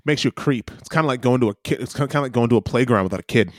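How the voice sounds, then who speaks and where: A man's voice: medium pitch, racing, dry recording. A man chats casually on a podcast, teasing his co-host and laughing often. His voice sounds dry and close, with no room around it. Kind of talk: casual chat. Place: lives in Wellington.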